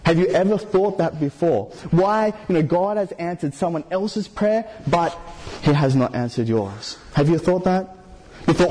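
Man, preacher, sermon, conversational, questions to congregation, high husky voice. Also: lively intonation, moderate pace, warm tone. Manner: conversational, many "you know" fillers, asks the congregation questions.

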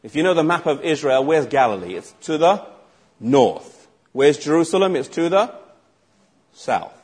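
Animated preacher, husky voice. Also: male voice, a little high, moderate pace. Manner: emphatic, asks the congregation rhetorical questions. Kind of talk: sermon.

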